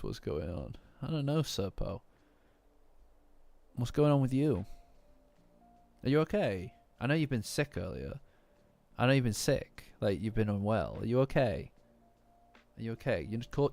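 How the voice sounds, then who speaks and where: A man's voice: mid-range voice, expressive, brisk, a little mellow. Tired, rambling young man streaming. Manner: rambling, apologetic, self-deprecating. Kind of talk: casual livestream chat. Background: faint lofi music.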